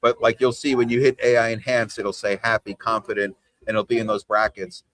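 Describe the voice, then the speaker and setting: A man's voice: lowish voice, little pitch movement, a little fast, a bit bright, no echo. A man coaching a team over a video call. He talks in a casual, conversational way and keeps checking in with "right?" and "you know.". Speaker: trainer leading a team call.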